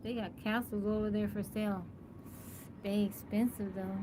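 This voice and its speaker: A woman's voice: medium pitch, fairly even intonation, moderate pace, background noise. A woman live-streaming outdoors, chatting easily with her viewers and greeting them by name. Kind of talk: casual live-stream chat. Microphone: phone.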